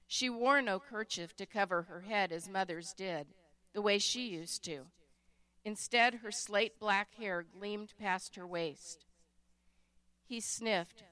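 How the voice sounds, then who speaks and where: A woman reading a story aloud as narrator, in a measured, expressive way. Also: medium pitch, smooth.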